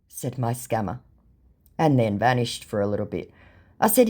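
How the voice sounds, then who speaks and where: A woman's voice: a bass voice, moderate pace, husky. A woman vlogger wryly reading old scam chats aloud in a casual, sarcastic storytelling style. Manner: wry, mocking, animated when quoting.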